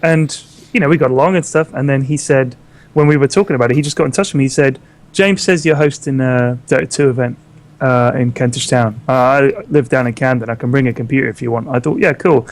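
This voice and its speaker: A man's voice: mid-range voice, quick pace. A man with a British accent in casual panel chat, thinking aloud with rhetorical questions and some swearing. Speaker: community event host.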